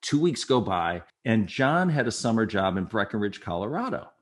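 A man from Minnesota telling an emotional personal story, acting out the voices and swinging from quiet to loud. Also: fairly low pitch, normal speed. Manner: animated, acts out voices, swings from soft to loud.

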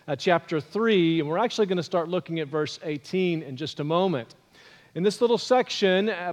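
A middle-aged man with a high voice preaches from the pulpit, earnest and storytelling, often pausing on "uh" as he gathers his thoughts. His words ring out with the long reverb of a large church hall. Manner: earnest, storytelling with many "uh" pauses. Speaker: pastor. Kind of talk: sermon.

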